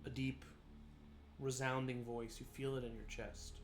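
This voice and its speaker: A man narrating a tabletop role-playing game as game master, describing scenes in a slow, measured, atmospheric way. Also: medium pitch, level tone, reverberant, background noise. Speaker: dungeon master.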